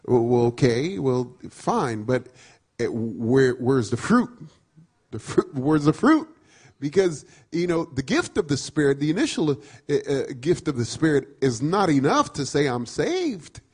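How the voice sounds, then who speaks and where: A man preaching a sermon, emphatic and repetitive, swinging from loud declarations to quiet asides. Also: high-pitched, very animated, a little slow, gravelly, slightly rough. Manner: emphatic, repeats phrases, swings between loud and soft.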